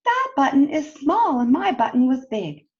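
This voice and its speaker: A woman voicing a fussy, upset male toad from a storybook, whining and complaining in a high voice. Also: very animated, normal speed, darkish tone. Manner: shrill, whiny complaining. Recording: dull lo-fi recording.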